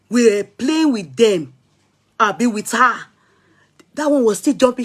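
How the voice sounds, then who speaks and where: Middle-aged Nigerian woman telling a lively story. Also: a little high, unhurried, pauses often, slightly rough. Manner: animated, dramatic retelling with rises and soft asides. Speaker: vlogger. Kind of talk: casual storytelling.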